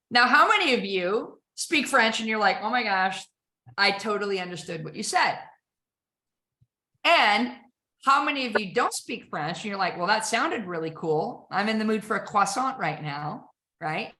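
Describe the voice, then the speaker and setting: A woman giving an energetic sales presentation, firing rhetorical questions at her audience with emphasis. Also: fairly high pitch, moderate pace. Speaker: sales trainer. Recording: echoey room.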